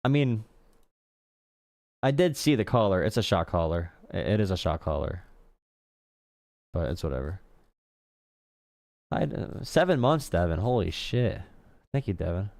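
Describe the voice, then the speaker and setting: A man's voice: deep voice, big pitch swings, measured pace, vocal fry, pauses often, a little mellow, dry recording, clean studio sound. A man hosting a live stream, giving blunt, sarcastic commentary and repeating himself for emphasis. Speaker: streamer host.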